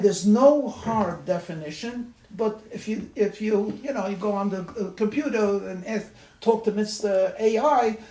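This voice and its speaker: A man's voice: sits high, darkish tone. A man, a rabbi, giving an informal class talk, conversational and repeating his words as he goes. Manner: conversational, repeats words, laughs at own examples. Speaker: rabbi leading a class discussion. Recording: echoey room with light noise.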